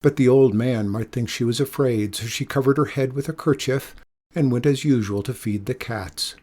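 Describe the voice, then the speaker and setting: A man reading a children's storybook aloud with expressive, emphatic delivery. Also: mid-range voice, normal speed.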